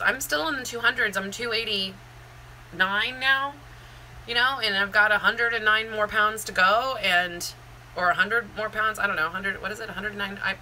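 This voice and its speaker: A woman with a very bright, sharp-edged voice chats openly on a live stream, rambling and heartfelt, circling back with fillers and restarts. Soft room ambience and a faint hiss sit behind her. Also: medium pitch, rough recording. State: near tears. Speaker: vlogger and Zumba instructor. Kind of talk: casual live-stream chat.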